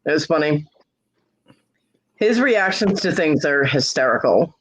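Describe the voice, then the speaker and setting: A woman co-host in casual chat, animated and quick to laugh. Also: lowish voice. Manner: animated storyteller, laughs often. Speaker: podcast co-host. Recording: dull lo-fi recording.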